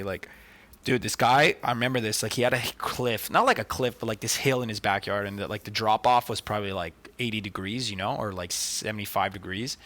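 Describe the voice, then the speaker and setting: Bright-voiced man telling stories casually. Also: fairly low pitch, brisk. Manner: profane, filler-heavy storytelling. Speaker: podcast co-host. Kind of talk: casual chat.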